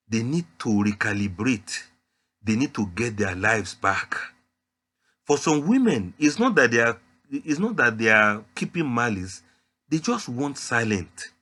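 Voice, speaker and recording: A Nigerian-accented man delivers an Islamic lecture in a bright, forceful voice. His pitch sits in a middle range. He teases his listeners and speaks to them directly. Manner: emphatic, teasing, addresses listeners directly.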